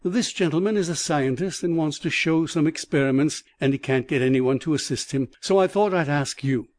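A man voicing a friendly, brisk country-house host. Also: a little high, darkish tone, no echo, close to an everyday voice. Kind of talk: audiobook character voice.

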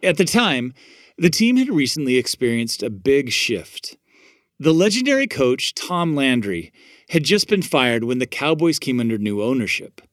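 A man hosting an interview and reading scripted narration in a measured, steady way. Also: mid-range voice, no room sound, clean studio sound. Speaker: host and narrator.

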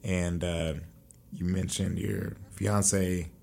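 A man's voice: low-pitched, flat delivery, drawn-out words, gravelly, darkish tone. A man hosting a podcast, talking things over in a thoughtful way and searching for his words. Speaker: podcast host. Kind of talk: casual conversation.

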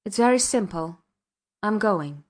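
Quiet faltering wife, resigned and distraught as a woman reads her, storybook. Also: a little high, expressive, measured pace. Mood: resolved.

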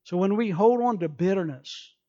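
A man's voice: high voice, moderate pace, dark tone, highs cut off. A male pastor preaching a sermon emphatically, acting out people's excuses in quoted voices.

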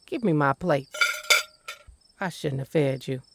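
An actress playing a guarded, sharp-tongued woman who lives alone in the woods, curt and commanding with a dry wit. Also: sits low, animated, unhurried, gravelly, very noisy, full character voice. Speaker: the actress. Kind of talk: radio drama acting.

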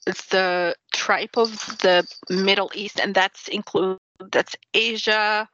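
A woman in casual conversation, explaining things step by step with pauses and restarts. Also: mid-range voice, fairly even intonation, pushed and bright, no room sound. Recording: dull lo-fi sound.

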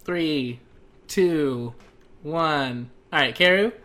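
A man's voice: a little high, drawn-out words, bright, forceful tone. Easygoing laughing podcast host man. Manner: laughing, easygoing, stammers when flustered. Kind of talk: casual game-quiz podcast chat.

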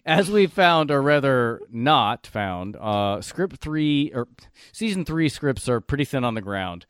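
Animated man hosting a podcast. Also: medium pitch, a little slow, smooth, no echo. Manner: animated, laughs often, reads segments. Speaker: podcast host. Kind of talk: casual podcast chat.

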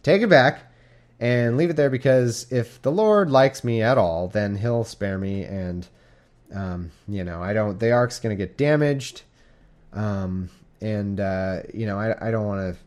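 A man's voice: lowish voice, a little mellow, natural voice. A man voicing an exasperated ancient male king who talks in blunt modern slang, casual and fatalistic.

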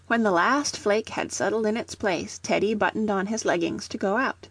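A woman reading a children's storybook aloud in a gentle, even storytelling manner. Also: medium pitch, moderate pace, slightly rough, no room sound. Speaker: audiobook reader.

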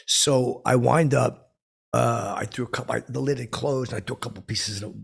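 Gravelly, husky man rambling through a comic story. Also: mid-range voice, fairly even intonation, normal speed. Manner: rambling, full of fillers and profanity. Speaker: comedy podcast host.

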